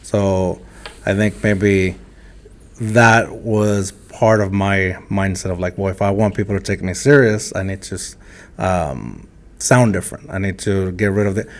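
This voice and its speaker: A man hosts a podcast in casual conversation, candid and a little self-deprecating. His voice is on the low side. He talks in a relaxed way. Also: unhurried. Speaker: podcast host.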